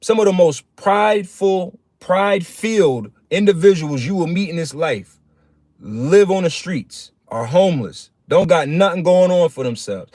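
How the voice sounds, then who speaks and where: A man's voice: high-pitched, animated, unhurried, darkish tone, no echo, clean studio sound. Man preaching in a street-casual style. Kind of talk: casual livestream sermon.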